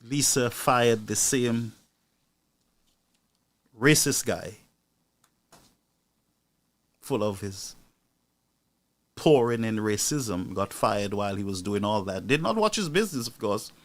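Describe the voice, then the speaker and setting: A man hosting a political commentary show, talking to his audience with indignation and rising into loud outbursts. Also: lowish voice, animated, takes it slowly, long pauses. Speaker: news commentary host.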